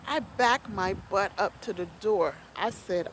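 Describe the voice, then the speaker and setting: A woman's voice: mid-range voice, measured pace, few pauses, noisy background. A woman casually telling neighborhood stories in a chatty, gossipy monologue, cursing now and then and excusing herself. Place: outdoors near parked vehicles.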